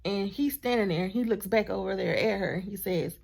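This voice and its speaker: Woman, vlogger, casual storytime, animated and chatty, creaky mid-pitched voice. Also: fairly quick. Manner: chatty, animated storytelling with asides to her partner.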